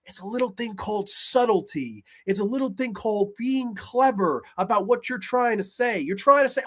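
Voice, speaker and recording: A man's voice: high-pitched, animated, normal speed, few pauses. A man reviewing a horror film in a heated, exasperated rant full of profanity.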